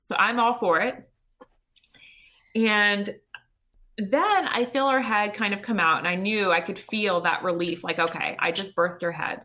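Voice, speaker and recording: A woman guest on an interview show, telling her own story in a lively, chatty way with lots of "you know" and "like". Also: mid-range voice, measured pace, pauses often. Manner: lively retelling with many "you know" and "like" fillers. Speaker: podcast guest. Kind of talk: personal storytelling.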